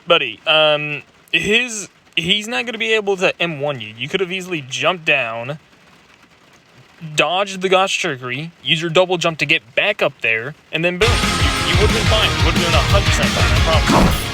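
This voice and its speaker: A young man with a slightly high voice talks through a match in casual reaction commentary, coaching the player as he watches. He trips over repeated fillers and restarts. Loud game music plays behind him the whole time. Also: animated, moderate pace. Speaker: reaction video host.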